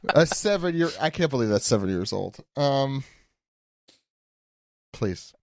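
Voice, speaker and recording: A man hosting a podcast, asking guests questions with stammers, laughs and quick interjections. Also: medium pitch, very animated, creaky, no echo, clean studio sound. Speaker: podcast host. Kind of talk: casual podcast chat.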